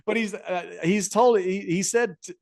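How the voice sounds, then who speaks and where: Animated male storytelling podcaster. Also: high voice, measured pace, gravelly, no room sound, studio quality. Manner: animated storyteller, many restarts and laughs. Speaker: podcast co-host. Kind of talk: casual chat.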